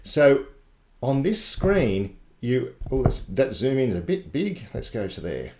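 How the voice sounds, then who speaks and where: A man's voice: medium pitch, sing-song, measured pace, darkish tone, slight background noise. A man running a live tech tutorial webinar, explaining things step by step in a chatty way. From Australia. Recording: echoey live broadcast.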